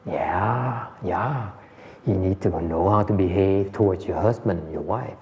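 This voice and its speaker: A man's voice: deep voice, unhurried, darkish tone. A man giving a conversational dharma lecture, repeating phrases and answering questions. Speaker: meditation teacher. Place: meditation hall. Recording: muffled hall recording.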